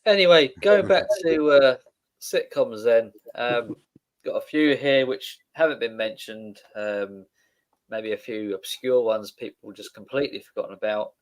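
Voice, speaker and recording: Man listing sitcoms with pauses. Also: mid-range voice, low-quality recording. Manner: measured, many "um" pauses. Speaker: livestream panelist. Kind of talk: casual chat.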